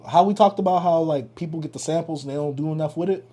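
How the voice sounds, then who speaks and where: A young man co-hosting a podcast, giving animated, opinionated takes and laughing often in casual chat. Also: fairly high pitch, fast talker. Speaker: podcast co-host.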